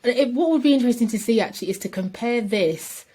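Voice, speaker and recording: A woman co-hosting a podcast in casual chat, animated and emphatic. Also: a little high, fast talker. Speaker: podcast co-host.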